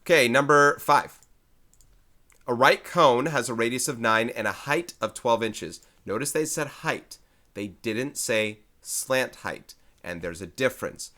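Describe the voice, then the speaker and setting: A man's voice: medium pitch, lively intonation, measured pace, sharp tone. A man teaching a recorded math lesson in a casual way, thinking aloud and correcting himself as he works through problems.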